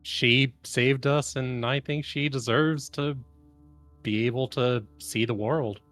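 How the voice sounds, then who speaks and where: A man's voice: medium pitch, steady tone, slow, a bit bright, faint music behind. Earnest stammering male player. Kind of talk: in-character tabletop role-play.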